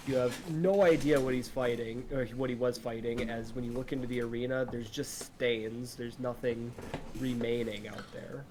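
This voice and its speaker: A man running a tabletop game, narrating scenes in an easygoing voice that stumbles and restarts. His pitch sits in the middle, and there is a clear noisy hiss behind him. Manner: relaxed narration with frequent restarts. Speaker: game master.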